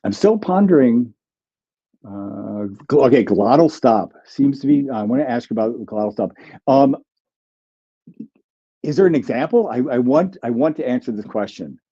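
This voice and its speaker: A man at an ordinary pitch talks through viewer questions like a patient scholar, pausing on ums and restarting his sentences. His voice is mellow and dark. The stream audio sounds dull and lo-fi. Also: animated, slightly rough. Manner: explanatory, many ums and restarts. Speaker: guest linguist author. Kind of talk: livestream Q&A.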